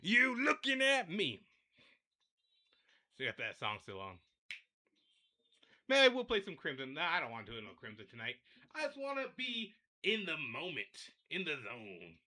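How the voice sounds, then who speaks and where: A man's voice: mid-range voice, huge pitch swings, moderate pace, pushed and bright. A young man hosting a livestream, ranting and rambling in a repetitive, fed-up way while addressing his viewers directly. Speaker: livestream host.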